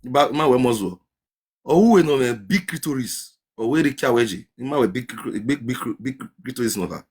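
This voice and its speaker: A man with a Nigerian accent chatting on a live stream, chanting sing-song calls and swinging between loud shouts and low mutters. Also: animated, a little fast, breathy edge. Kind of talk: casual live-stream chat to viewers.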